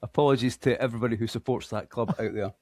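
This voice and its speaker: A man's voice: medium pitch, fairly even intonation, a little mellow, slight background noise. A man from Scotland with a Scottish accent, hosting a podcast quiz in a chatty, self-deprecating way. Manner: chatty, self-deprecating, reads names out slowly. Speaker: quiz host.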